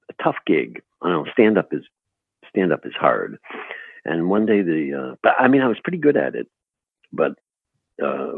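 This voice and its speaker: An older man from Buffalo with a very deep, gravelly, husky voice, telling stories in a halting, chuckling way. His voice comes through a tinny, phone-like remote line that sounds dry and close. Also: dry recording. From Buffalo, New York, US. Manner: halting, restarts often, chuckles. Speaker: guest actor. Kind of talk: casual interview storytelling.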